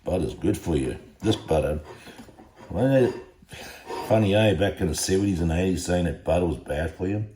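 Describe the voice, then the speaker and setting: A man's voice: sits low, expressive, normal speed, warm tone. A man talking casually to his phone camera while cooking at home, joking and rambling and chatting to his dog. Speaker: bodybuilding vlogger. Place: home kitchen with a noisy fan. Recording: echoey room with fan noise.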